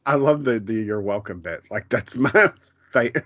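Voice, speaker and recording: A man's voice: medium pitch, moderate pace, a bit bright, no echo, highs cut off. A man co-hosting a podcast, chatting casually in a rambling way with many fillers and restarts. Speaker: podcast co-host. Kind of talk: casual chat.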